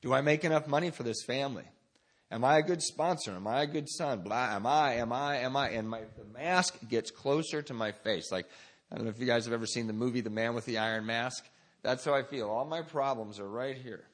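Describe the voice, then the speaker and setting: A man's voice: medium pitch, fairly quick. A man gives a personal testimony at a recovery meeting. He speaks reflectively and keeps asking himself hard questions in a mid-range voice.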